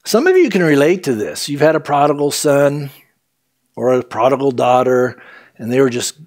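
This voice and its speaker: A man preaching a sermon as pastor, animated and acting out the quotes in different voices. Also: medium pitch, moderate pace.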